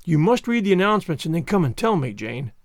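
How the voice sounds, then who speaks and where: A man's voice: on the high side, no echo, studio quality. A man voicing an eager, dramatic teenage girl student, talking earnestly and effusively. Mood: anxious. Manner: earnest, effusive, quick when excited.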